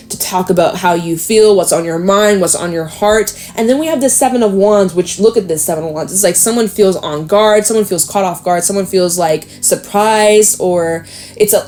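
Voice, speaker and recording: Thinking out loud in a chatty way, a young woman does a casual tarot reading punctuated by sudden exclamations. Her voice sits in the mid-range.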